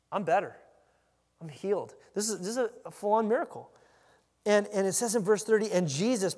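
A man with a high voice gives a sermon in a casual, conversational way. He acts out the scene with lively energy as he teaches. His voice carries a long reverb from a large hall. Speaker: pastor. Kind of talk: expository sermon.

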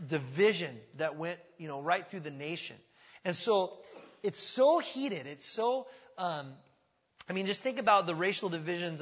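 A man with a fairly high, slightly bright voice preaches a conversational sermon as a pastor, his sound filling a big room. He checks in with listeners often, keeps asking "does that make sense?", and acts out voices in quoted dialogue.

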